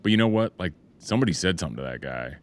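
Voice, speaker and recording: Low-voiced man in easy chat. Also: rapid-fire. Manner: relaxed, reflective, frequent "like" and "you know". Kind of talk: casual chat.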